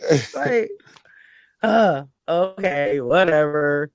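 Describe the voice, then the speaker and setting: A man from Los Angeles hosting a casual interview, animated and playful, acting out quotes in funny voices. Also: fairly high pitch, extremely slow, creaky, lo-fi sound. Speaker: podcast host.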